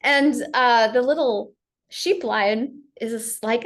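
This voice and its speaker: Woman giving a gentle spiritual talk. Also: sits high, slow. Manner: gentle, storytelling, with fillers and restarts. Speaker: spiritual teacher.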